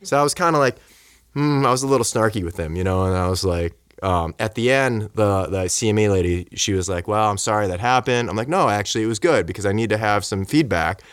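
A man telling a story in casual conversation, animated and acting out the voices of the people in it. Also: fairly low pitch, quick pace, clear, resonant tone, no echo, clean studio sound. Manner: animated, acts out quoted voices. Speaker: guest speaker.

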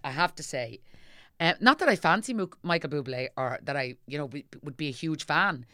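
A middle-aged woman with a Dublin accent talks quickly in a lowish voice, spinning stories and mimicking the people in them. The recording is close and dry, with no room sound. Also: dry recording. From Ireland. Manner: animated storyteller, acting out what people said. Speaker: guest. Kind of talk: casual chat.

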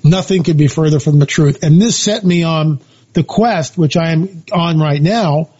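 A man's voice: a little high, normal speed, warm tone, husky. A man, an author being interviewed, telling his story emphatically with many repeated phrases and fillers. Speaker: author and researcher guest. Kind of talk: animated storytelling interview talk. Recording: dull lo-fi audio.

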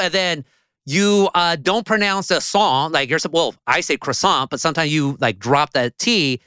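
A man whose first language was Spanish, a journalist guest telling stories in casual, profane, animated chat. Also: fairly high pitch, clear, resonant tone, dry recording.

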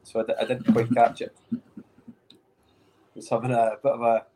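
A man's voice: mid-range voice, completely flat delivery, moderate pace, very noisy. A man with a Scottish accent, a former footballer co-hosting a podcast, chatting in laid-back banter. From Scotland. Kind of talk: casual chat.

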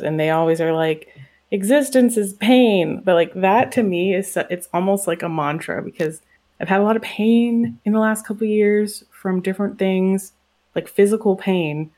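A woman's voice: lowish voice, fairly even intonation, moderate pace, mellow. A woman chatting candidly and casually, laughing easily. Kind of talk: casual chat.

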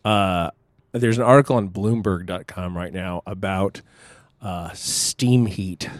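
A middle-aged man co-hosting a podcast in casual chat, telling a story in a meandering way with many pauses and restarts. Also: low-pitched, dry recording, studio quality. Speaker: podcast co-host.

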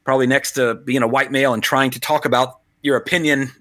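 A man's voice: medium pitch, steady tone, fast, bright, forceful tone, dry recording, studio quality. A man co-hosting a podcast, chatting casually about movies in a rambling way, full of restarts and fillers. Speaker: podcast co-host.

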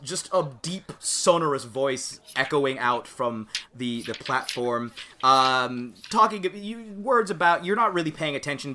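A man's voice: a little high, animated, measured pace, hardly any pauses, bright, forceful tone. A man narrating as game master in a rambling, laughing way.

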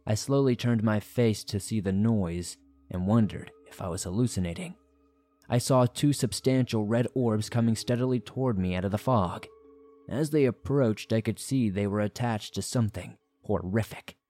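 A man reads a first-person horror story with dramatic, suspenseful delivery. His voice sits on the low side. Faint background music runs beneath the narration. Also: normal speed, mellow.

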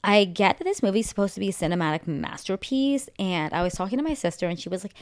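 A young woman talking through celebrity gossip in a casual, opinionated way, full of asides and fillers. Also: mid-range voice. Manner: chatty, opinionated, fast asides, lots of "like". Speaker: pop culture commentator.

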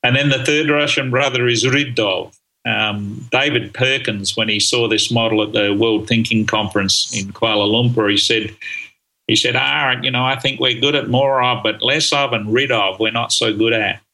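A man's voice: medium pitch, normal speed, sharp tone, low-quality recording. A middle-aged man, a guest on an interview show, explaining his ideas enthusiastically with frequent ums and restarts. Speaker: guest speaker on learning. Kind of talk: conversational interview answers.

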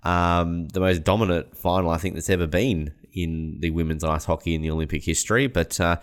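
Deep-voiced man hosting a sports podcast. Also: fast, hardly any pauses. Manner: chatty, joking, excitable. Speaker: podcast host. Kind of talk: casual sports podcast chat.

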